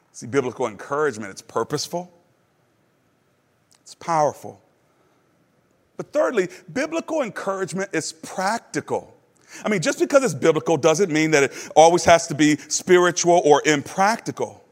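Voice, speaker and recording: A male pastor delivers a sermon with a slightly raised pitch. He tells stories and keeps putting questions to his listeners. He drops low and quiet, then climbs high and emphatic. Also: in a large hall. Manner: storytelling preacher, asks the crowd questions.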